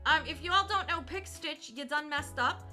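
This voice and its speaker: A woman's voice: high voice, moderate pace, bright, forceful tone, faint music behind. A young woman streaming casually while cross-stitching, chatty and teasing, swearing freely and laughing often.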